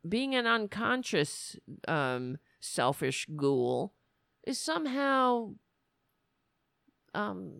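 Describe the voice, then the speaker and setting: A woman's voice: mid-range voice, gravelly, fairly bright tone, no echo, studio quality. A woman hosting her own show, talking in a casual, sarcastic, profane rant. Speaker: show host. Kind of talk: casual ranting monologue.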